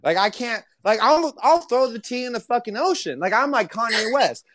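A man hosting a casual podcast chat, animated and swearing, making boastful joking threats. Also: extremely high pitch, normal speed, no echo.

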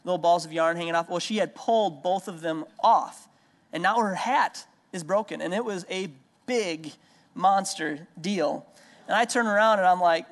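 Long hall reverb colors this sermon from a pastor in his thirties, who speaks in a high voice at normal speed. He preaches earnestly, weaving in everyday anecdotes and repeating important lines for emphasis.

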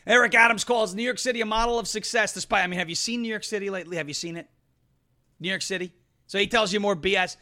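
A man's voice: high voice, quick pace, sharp tone. A man hosting an opinionated political commentary show, combative and sarcastic, repeating phrases for emphasis.

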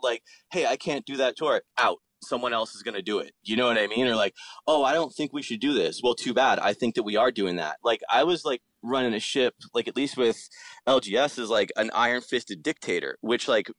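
A man's voice: medium pitch, a bit bright, no echo. A man in his thirties from the Philadelphia area, talking casually and profanely, rambling with a lot of "like". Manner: profane, rambling, heavy use of "like". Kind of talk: casual chat.

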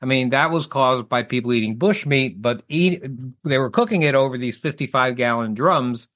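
A man's voice: mid-range voice, moderate pace, a bit bright. A man speaking as a guest in an interview, hesitant, with restarts. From United States. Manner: hesitant, many restarts and fillers. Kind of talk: casual conversational interview.

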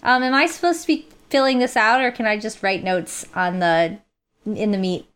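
A woman playing a tabletop game, chatting casually and reacting with excitement. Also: mid-range voice, normal speed, smooth. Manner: excitable, exclaims often. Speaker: player.

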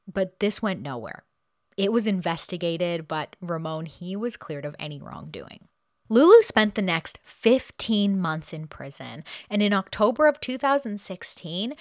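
A woman hosting a podcast, casually retelling a true crime case with quick asides and the odd laugh. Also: fairly low pitch, no echo, clean studio sound. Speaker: podcast host.

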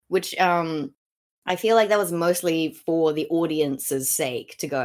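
A woman's voice: low voice, steady tone, measured pace. A woman co-hosting a podcast in casual chat, sarcastic and sweary, breaking into silly mocking voices. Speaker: podcast co-host.

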